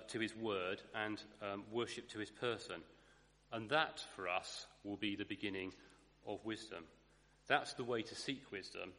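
A lower-voiced man preaches a sermon in a reverberant hall. He talks thoughtfully, corrects himself now and then and slips in dry asides. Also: fairly bright tone.

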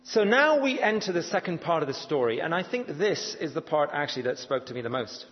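A man's voice: a little high, sing-song, a little fast. A man preaching a sermon, telling the story with animation and acting out the voices he quotes. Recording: dull lo-fi sound in a reverberant hall.

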